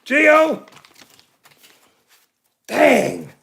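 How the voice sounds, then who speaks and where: A middle-aged man hosts a casual livestream in a slow, rambling rant, indignant and quick to laugh. His voice sits unusually high and sounds very gravelly, with a bright edge. His pitch swings widely as he goes. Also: expressive, a little hiss or hum. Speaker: livestream host.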